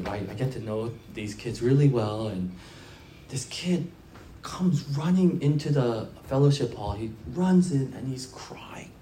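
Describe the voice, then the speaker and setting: Pastor, conversational sermon, animated storytelling, quiet to loud swings, repeated phrases. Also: mid-range voice, roomy sound, a little hiss or hum.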